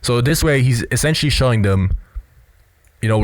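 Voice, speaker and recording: A man's voice: medium pitch, expressive, moderate pace, long pauses, no echo. A man giving casual video commentary on body language, explaining step by step and dropping in lots of "you know" and "right?".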